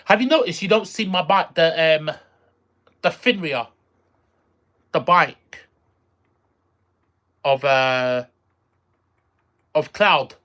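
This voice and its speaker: Speaking slowly with long pauses, this streamer has a mid-range, fairly bright voice. They chat loosely with their live audience, rambling and repeating themselves, drifting off mid-thought while searching for words, and responding out loud to viewer messages.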